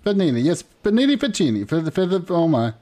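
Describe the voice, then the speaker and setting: A man's voice: a little high, big pitch swings, quick pace, dark tone. Bruno, a man doing a bumbling Italian. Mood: apologetic. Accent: put-on Italian. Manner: broken English, apologetic, refers to himself as "a Bruno". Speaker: roleplay player. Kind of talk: voiced online roleplay in character.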